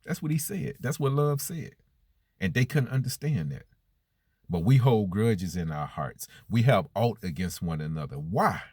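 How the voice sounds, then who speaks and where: A man's voice: fairly low pitch, lively intonation, moderate pace, darkish tone, breathy edge, dry recording, clean studio sound. A man preaching about love and unity in plain, earnest talk, with speech, repetition and rhetorical questions. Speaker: motivational speaker. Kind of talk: spoken-word preaching monologue.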